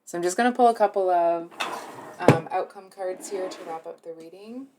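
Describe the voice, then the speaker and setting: A woman with a low, soft voice walks her viewers through a tarot reading. She speaks hesitantly, circling back and filling pauses as she searches for words. Her tone stays earnest and deeply moved. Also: noisy background. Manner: soft, hesitant, many fillers and restarts. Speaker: tarot reader.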